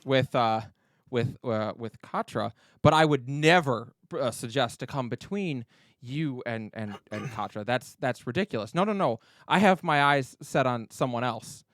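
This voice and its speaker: A man's voice: mid-range voice, unhurried, fairly bright tone, no echo, clean studio sound, close to an everyday voice. A man voicing a nervous, overly formal young male clan noble who stammers through apologies. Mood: flustered.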